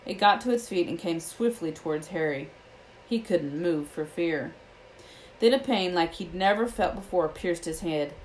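Woman reading a children's novel, lowish voice. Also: moderate pace, slight background noise, poor audio. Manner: steady storytelling. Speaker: audiobook reader.

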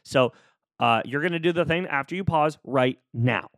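His voice is a little high and a bit bright, moving at a normal speed. Recorded at studio quality on a close microphone with no room sound, this man hosts a solo podcast, casually and playfully cheering on his listener.

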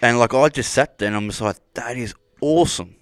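A man's voice: medium pitch, a little fast, no echo, studio quality. A man, hosting a casual interview, easygoing with lots of "like" and "you know". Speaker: podcast host.

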